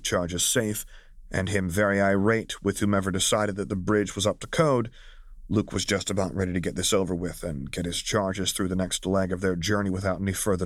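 A man reading a fan fiction audiobook in a measured storytelling manner. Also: sits low, dry recording, clean studio sound. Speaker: audiobook narrator.

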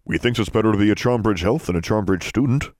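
A man voicing a timid male library elf who speaks in quaint, ungrammatical hushes, reading a storybook. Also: on the low side, fast, no echo, studio quality, lightly acted. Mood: hushed.

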